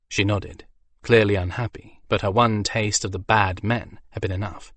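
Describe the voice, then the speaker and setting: With a fairly low voice and no room sound, a man narrates a fantasy audiobook in a steady, measured storytelling style.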